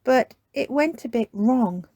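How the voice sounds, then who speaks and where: A woman voicing an excitable little girl piglet in a storybook reading, squealing and eager. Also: a little high, a little slow, no echo, pitched above the performer's own voice.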